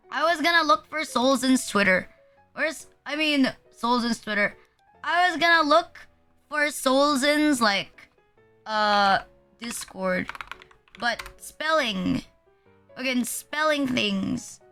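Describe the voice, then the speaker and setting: A woman's voice: high-pitched, pushed and bright. A young adult woman streaming, chatting casually and crudely, rambling with many fillers. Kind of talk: casual live-stream chat.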